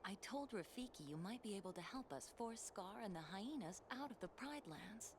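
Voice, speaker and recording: A woman voicing a young lioness in a video game, earnest and apologetic, heard through game audio with clear noise behind. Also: mid-range voice, animated, moderate pace, close to an everyday voice.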